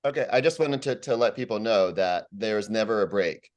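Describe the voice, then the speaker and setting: A man's voice: fairly low pitch, animated, normal speed, a little mellow. A man giving a rambling, aggrieved public comment at a community meeting, full of fillers and repeated words.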